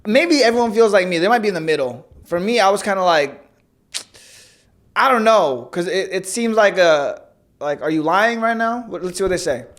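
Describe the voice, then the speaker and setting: High-voiced man joking on a podcast. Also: lively intonation, normal speed. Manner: loose, joking, reacts loudly with slang. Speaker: podcast co-host. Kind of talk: casual chat.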